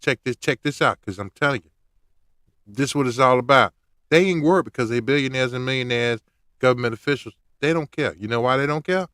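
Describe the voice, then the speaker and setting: A man's voice: medium pitch, brisk, a bit bright, dry recording, studio quality. A man hosting his own podcast, ranting in a loose, slangy way straight at his listeners. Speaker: podcast host. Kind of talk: casual rant to camera.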